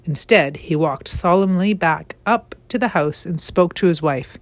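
Low-voiced woman reading a storybook. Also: unhurried, no echo. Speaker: storybook reader. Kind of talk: reading a children's novel aloud.

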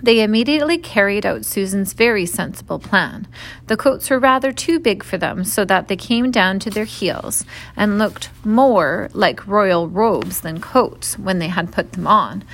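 A woman reading a children's novel aloud in a steady, clear storytelling voice. She sits at an ordinary middle pitch for a woman. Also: a little slow. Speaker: narrator.

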